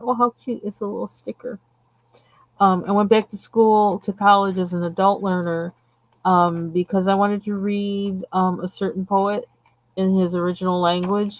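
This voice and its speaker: A woman's voice: mid-range voice, no echo. A woman hosting a live stream, chatting casually and rambling from one tangent to the next while she colors. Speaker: livestream host.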